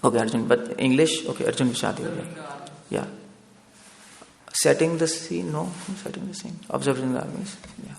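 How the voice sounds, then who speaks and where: A man's voice: medium pitch, moderate pace, creaky. A man preaching a discourse in a temple hall, questioning his listeners step by step and often asking them to agree. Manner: asks the audience for agreement with "no?". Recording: echoey hall with long reverb.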